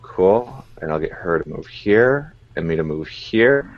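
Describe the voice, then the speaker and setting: A man with a very low voice plays a tabletop game, speaking slowly and hesitantly with many fillers. The sound is muffled and lo-fi, with a faint hiss. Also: lively intonation. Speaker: player.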